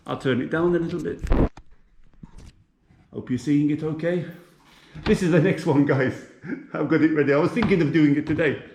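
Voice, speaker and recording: Cooking vlogger from England, a chatty man with a slightly high voice, recorded in an echoey home kitchen. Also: moderate pace, gravelly, pauses often, noisy background. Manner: chatty, talks to viewers while cooking. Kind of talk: casual cooking vlog. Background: frying and sizzling from the hob.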